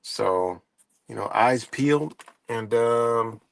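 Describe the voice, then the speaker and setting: A man's voice: medium pitch, slow, gravelly. A man ranting on his live stream, swearing a lot, exasperated and rambling, and mocking people in quoted voices. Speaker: livestream host.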